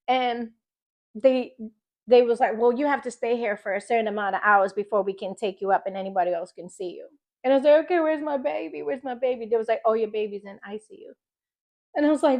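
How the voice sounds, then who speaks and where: Young woman, Philadelphia accent, a bit high, emotional testimony, casual storytelling, pleading re-enactments. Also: brisk, darkish tone. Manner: emotional, fillers, acts out her own pleading quotes. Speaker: faith vlogger sharing a testimony.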